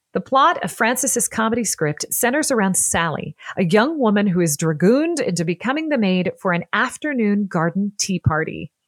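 A woman narrating a scripted history podcast in an expressive, playful way. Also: mid-range voice, moderate pace, dry recording. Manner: expressive and playful, laughs often.

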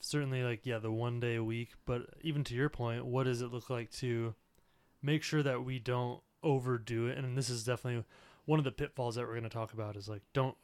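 A man in his thirties talks things through in an earnest, reflective tone, often leaning on filler words. His voice is smooth and resonant, at an ordinary pitch. The sound is close and dry, with no room echo. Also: steady tone, a little fast, darkish tone. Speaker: podcast host. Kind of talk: casual conversational podcast.

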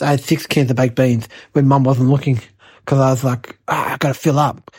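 A woman's voice: a little high, no echo. A woman voicing a cheeky eight-year-old boy who hosts and tells rambling, exaggerated tall tales. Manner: rambling, breathless, childlike exaggeration. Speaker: host. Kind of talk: comic storytelling monologue.

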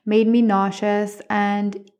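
A woman's voice: medium pitch, slow, highs cut off. Chatty woman telling stories. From Canada. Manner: expressive, chatty, laughs often; speaks candidly, with some swearing. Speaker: podcast host. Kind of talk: casual personal storytelling.

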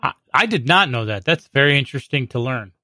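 Bright-voiced man agreeing on a podcast. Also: medium pitch, lively intonation, no room sound, studio quality. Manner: measured, agreeable, hesitant restarts. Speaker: podcast co-host. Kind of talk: casual tech podcast chat.

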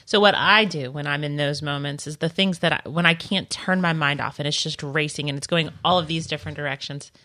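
Earnest Southern woman, bright voice. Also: deep voice. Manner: earnest, reflective, halting. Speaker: podcast co-host. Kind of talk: casual faith chat.

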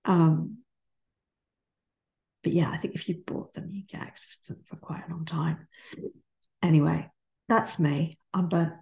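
A woman in her forties hosting a casual solo podcast, chatty and rambling, swearing now and then and drifting into soft whispered asides. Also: sits low, steady tone, unhurried, gravelly, pauses often. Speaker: podcast host.

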